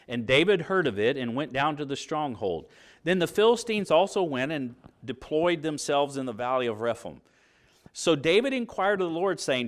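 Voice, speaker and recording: A middle-aged man teaching a Bible lesson in sermon style, asking rhetorical questions and acting out quoted voices. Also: on the high side. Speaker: preacher teaching a Bible class.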